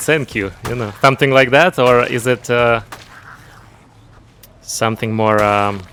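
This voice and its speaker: A man from Ukraine, a game streamer chatting casually with viewers, talking in a halting, measured way as he searches for words. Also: medium pitch, steady tone, a bit bright, a little hiss or hum. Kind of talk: casual chat with stream viewers while gaming.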